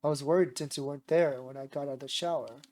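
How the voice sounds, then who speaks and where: A man with a sore voice voicing a chatty, excitable young woman while reading a visual novel aloud. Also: medium pitch, fast talker, close to an everyday voice. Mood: eager.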